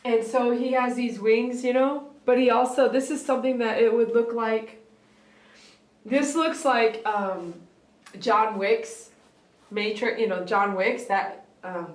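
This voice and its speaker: A woman's voice: a little high, fairly even intonation, slow, reverberant. A woman hosting a live stream, opening gifts in an emotional, tearful way and laughing often. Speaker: host of a pet grooming channel.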